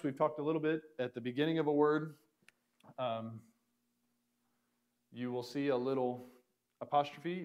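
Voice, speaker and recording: A man lecturing to a small class in a church room, his voice sitting at an ordinary middle pitch. He explains loosely, pausing on fillers and starting sentences over. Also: darkish tone. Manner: casual, filler-heavy explaining with restarts. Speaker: Bible Greek teacher.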